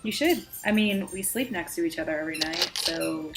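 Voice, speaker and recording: A woman's voice: on the low side, a little fast, very noisy. A woman co-hosting from home, tired and coming down with a cold, chatting in a teasing, laid-back way. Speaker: co-host, host's wife. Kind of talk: casual chat. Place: home, indoors. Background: background music.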